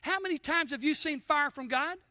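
A man preaching a sermon to a congregation, asking them questions and swinging between forceful emphasis and soft, quiet lines. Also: extremely high pitch, a little fast, no room sound, clean studio sound. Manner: addresses congregation with call-and-response questions. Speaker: pastor. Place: church sanctuary.

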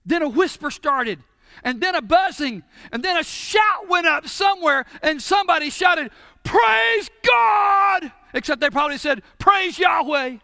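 High-voiced bright male preacher. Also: dry recording, clean studio sound. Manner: dramatic storytelling, bursts into shouts. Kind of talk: sermon.

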